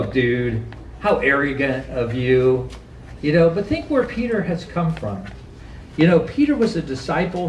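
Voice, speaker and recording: Recorded from a distance with slight hiss or hum, this pastor's somewhat mellow voice fills an echoey church sanctuary. He preaches his sermon earnestly, acting out quotes and climbing into high, emphatic questions.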